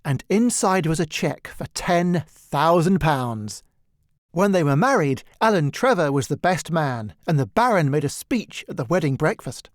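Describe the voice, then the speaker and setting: A man reading a classic short story aloud as audiobook narrator, in a measured storytelling manner. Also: on the high side, animated, no echo, studio quality.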